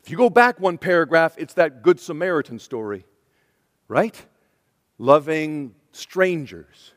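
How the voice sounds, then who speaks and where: A man's voice: a little high, expressive, unhurried, in a large hall. A middle-aged male pastor preaching a passionate sermon, often speaking as Jesus would to his listeners. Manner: impassioned, voices Jesus speaking directly to listeners.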